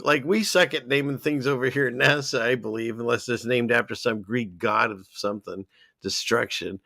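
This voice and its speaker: A man hosting his own commentary show with a gravelly, bright edge, rambling along and scoffing at what he reads. His mid-pitched voice sits close and dry on the mic. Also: moderate pace, no echo. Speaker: podcast host. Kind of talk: casual commentary.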